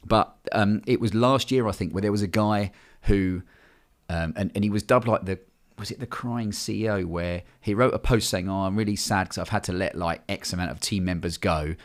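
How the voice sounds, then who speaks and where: A man's voice: fairly low pitch, a little fast. A man, talking bluntly and casually in a podcast conversation, swearing freely. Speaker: men's coach, podcast guest.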